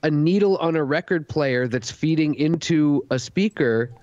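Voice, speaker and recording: A man's voice: on the high side, a little slow, a little mellow, no echo, soft background music. A man on a comedy podcast asking bewildered, quizzical questions in casual chat. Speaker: podcast guest. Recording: dry, muffled recording.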